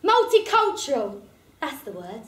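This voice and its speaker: A woman's voice: high voice, wildly swooping pitch, a little slow, echoey room, full character voice. An actress playing a chatty working-class woman, in a one-woman stage monologue. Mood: fond. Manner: gossipy, laughing storyteller. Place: theatre performance space.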